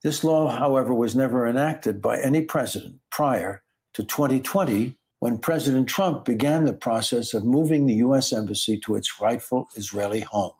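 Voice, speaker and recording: Husky man narrating a news segment. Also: mid-range voice, moderate pace, a little mellow. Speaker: news show host.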